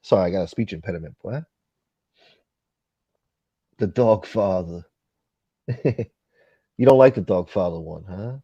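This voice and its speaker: A man's voice: low-pitched, a little slow, creaky, long pauses, dark tone, slightly rough, dry recording, lo-fi sound. A man hosting a casual livestream, chatting bluntly, swearing freely and reading out viewer comments. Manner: blunt, rambling, swears freely, mimics others. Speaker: livestream host.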